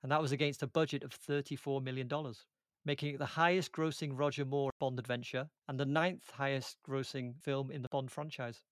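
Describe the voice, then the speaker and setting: A man's voice: mid-range voice, flat delivery, brisk, no room sound. A man hosting a movie podcast, moving between banter and a scripted film rundown. His voice sits mid-range and is recorded close and dry, with no room sound. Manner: playful, reads a prepared segment. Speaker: podcast host.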